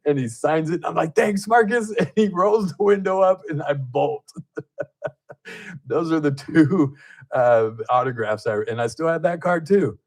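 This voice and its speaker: A man hosting a local radio talk show, telling stories in a casual, animated way, laughing often and acting out what people said. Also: on the high side, a little slow. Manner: animated storyteller, laughs often, acts out quotes. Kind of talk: casual radio chat and storytelling. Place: radio studio.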